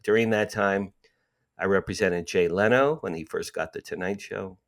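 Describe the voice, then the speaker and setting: Speaking at normal speed in a low, fairly bright voice, a sixty-something man from New Jersey, USA, is interviewed on a podcast. He relates his stories with energy, voicing the conversations and repeating himself for emphasis.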